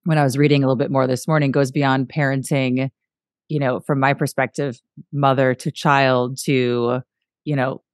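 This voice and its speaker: A woman's voice: extremely low pitch, moderate pace, dry recording. Chatty woman host, dry sound. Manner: warm, chatty, animated impressions of her husband. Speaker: podcast host. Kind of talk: casual conversational interview.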